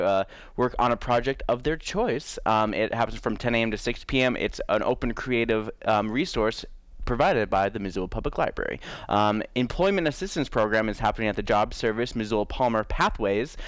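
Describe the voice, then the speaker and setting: A man's voice: on the low side, brisk, clean tone, no room sound. A man hosting a local morning show, reading event listings in a casual way with many fillers.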